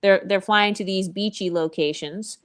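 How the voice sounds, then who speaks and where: A woman's voice: medium pitch, moderate pace. A woman vlogger giving blunt, opinionated commentary, sassy and profane, with mocking asides.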